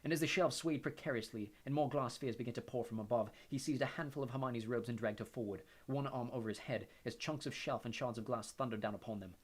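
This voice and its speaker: A male audiobook narrator reading a fantasy novel in a steady, measured way. His voice sits at an ordinary middle pitch.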